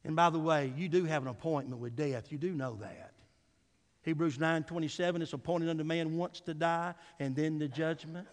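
A male pastor preaching a sermon, swinging from soft, low asides to loud, emphatic calls and asking the congregation for an "Amen.". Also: moderate pace, in a large hall. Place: church sanctuary.

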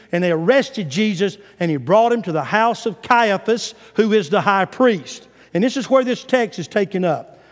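A male preacher giving a sermon, retelling scripture dramatically in a church sanctuary. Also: sits high. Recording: long hall reverb.

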